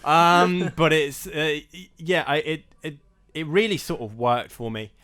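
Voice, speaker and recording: A man's voice: a little high, animated, normal speed, fairly bright tone. A young man co-hosting a casual film podcast, talking hesitantly with many fillers. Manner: hesitant, many ums and sort ofs. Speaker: podcast co-host.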